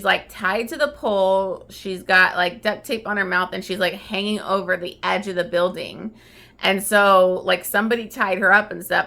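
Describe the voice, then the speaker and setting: Woman, book vlogger, bright tone, mid pitch, casual rambling recap, lots of fillers. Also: gravelly. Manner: chatty, lots of likes and ums. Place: at home getting ready for work.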